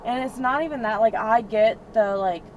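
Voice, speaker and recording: A woman's voice: fairly high pitch, normal speed, highs cut off. A woman in her twenties, a rideshare passenger, venting in a heated, profane, filler-heavy way during a casual chat inside a car. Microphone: in-car cabin camera. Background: faint vehicle road noise.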